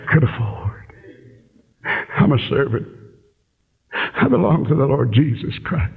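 Fired-up preacher guy, high lively voice swinging all over, husky, echoey church. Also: slow pace, long pauses. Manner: impassioned, preaching with rising pleading cries. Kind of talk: fiery sermon. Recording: tinny phone-like old recording in a reverberant hall.

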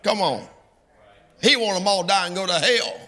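A middle-aged man preaches in a folksy, plain-spoken style that swells into impassioned cries. His voice sits high and has a bright, gravelly edge. It rings through a hall with a long reverb. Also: normal speed. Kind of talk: sermon.

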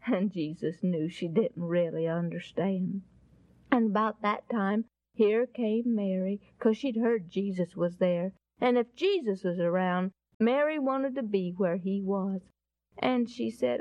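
A woman narrating a Bible story in a folksy, expressive way and appealing to the listener. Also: mid-range voice, a little slow, dry recording. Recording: dull lo-fi recording.

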